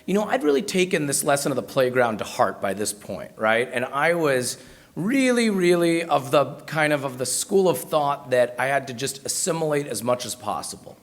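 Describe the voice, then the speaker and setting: An American man, a guest speaker at a university, gives a chatty, self-mocking storytelling talk, full of fillers and restarts. His mid-range voice swings widely in pitch, at normal speed.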